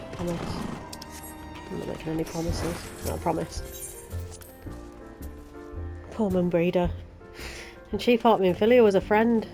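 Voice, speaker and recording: A woman's voice: on the low side, darkish tone. A Yorkshire woman hosting a let's play, chatting sarcastically and ranting about the story. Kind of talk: casual game commentary.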